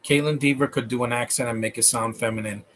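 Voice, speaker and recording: A man's voice: medium pitch, fairly even intonation, quick pace, a bit bright. A man with a Latino accent hosting a live stream and chatting loosely about films, rambling and often restarting his sentences. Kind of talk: casual film commentary.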